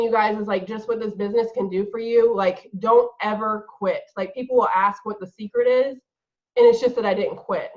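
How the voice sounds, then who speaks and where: A woman's voice: fairly high pitch, dull audio. A woman giving an earnest, emphatic motivational talk to her sales team on a call. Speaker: guest speaker on a team call.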